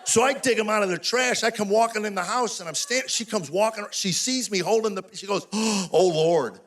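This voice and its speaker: An older man doing a stand-up comedy routine on stage, telling stories in an animated, exasperated way. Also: sits high, fairly quick. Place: stage before a live audience.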